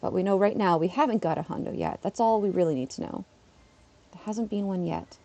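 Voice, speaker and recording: A woman's voice: mid-range voice, brisk, dark tone. A woman, a schoolteacher, chatting casually on a live stream while playing, laughing often and talking back to her chat. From Canada.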